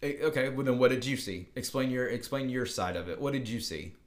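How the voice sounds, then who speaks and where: A man's voice: medium pitch, fairly quick. A young man co-hosting a podcast, casually telling a long story with many fillers and restarts. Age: young adult. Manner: rambling, full of fillers and restarts. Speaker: podcast co-host.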